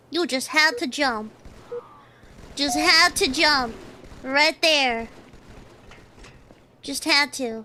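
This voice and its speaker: A woman's voice: sits high, very slow, long pauses, noisy background. A woman streaming a shooter game, chatting casually, swearing and yelping at the action. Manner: excitable, swears and yelps at the game.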